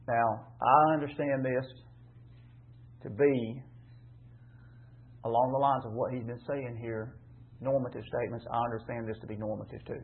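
A man's voice: mid-range voice, fairly even intonation, normal speed, vocal fry, long pauses. A man teaching a Bible passage in a conversational sermon, emphatic and repetitive, asking rhetorical questions. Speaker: preacher teaching scripture. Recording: tinny phone-like line.

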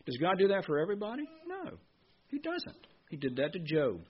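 A man's voice: sits high, wildly swooping pitch, a little fast, slightly rough, dull audio. A man preaching a sermon in a conversational way, asking the congregation questions.

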